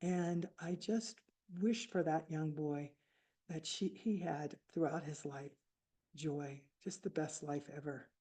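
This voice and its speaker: An older woman in her seventies shares a personal story from a stage in a low, mellow voice. She speaks reflectively and pauses often, circling back to restart her sentences. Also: fairly even intonation, breathy edge. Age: 70s. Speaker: author speaking at a book fair.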